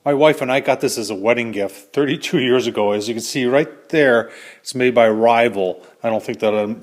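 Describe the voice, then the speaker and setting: A man's voice: mid-range voice, a bit bright, a little hiss or hum. A middle-aged man hosting his own cooking videos, talking in a folksy, chatty way and calling his viewers folks. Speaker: cooking channel host. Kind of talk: casual cooking demo to camera.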